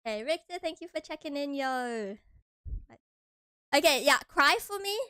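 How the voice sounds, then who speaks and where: Brief: young American woman, high voice, dry close sound, playful giggly streamer chat. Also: animated, unhurried, bright, forceful tone, dry recording. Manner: playful, giggly, chatty with viewers. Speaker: vtuber streamer.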